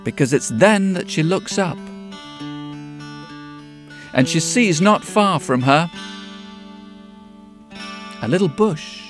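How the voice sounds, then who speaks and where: A man's voice: fairly high pitch, animated, slow, pauses often. Lilting male storyteller over guitar. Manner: rhythmic, lilting, drops to hushed tones. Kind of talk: told folk tale.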